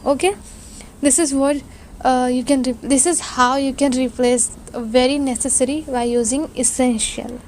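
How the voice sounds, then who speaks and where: A woman's voice: high-pitched, fairly even intonation, normal speed, a little mellow, slight background noise. A woman teaching English vocabulary in an online lesson, explaining patiently with many fillers and restarts.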